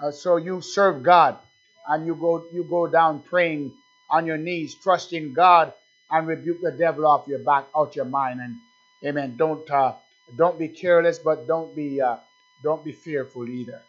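A man preaches with fervor, his fairly high voice climbing into shouted praise and then sinking to low, quiet asides. He stumbles through fillers and restarts as he goes. The recording sounds dull and lo-fi. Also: steady tone, faint music behind. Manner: fervent, rising to shouted hallelujahs and dropping to low asides; halting with many fillers and restarts. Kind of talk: sermon.

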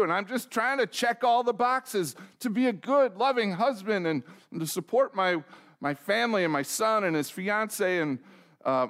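A middle-aged pastor with a somewhat high, slightly bright voice delivers a sermon. He tells a humorous, self-deprecating personal story and puts direct questions to the congregation.

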